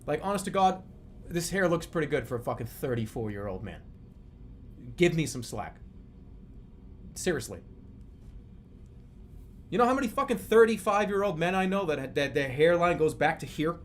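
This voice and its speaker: Streamer, male, 30s: lively pitch, slightly higher voice, profane rambling chat, faint room ambience. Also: normal speed, pauses often, slight background noise. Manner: rambling, profane, animated storytelling. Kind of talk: casual live-stream chat.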